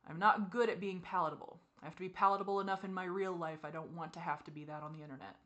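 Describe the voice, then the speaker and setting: A woman's voice: on the low side, fairly even intonation, brisk. Tearful woman venting to camera. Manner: frustrated venting with sighs and soft asides. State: teary, crying. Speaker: vlogger. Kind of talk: personal confessional vlog.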